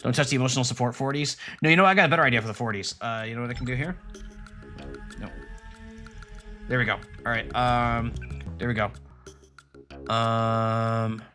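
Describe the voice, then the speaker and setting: A man's voice: mid-range voice, steady tone, fairly quick, pauses often, pushed and bright. A man casually commenting as he plays a video game on a stream, rambling with lots of fillers and jokes. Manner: rambling, filler-heavy, joking. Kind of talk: casual let's-play commentary. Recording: game music behind voice.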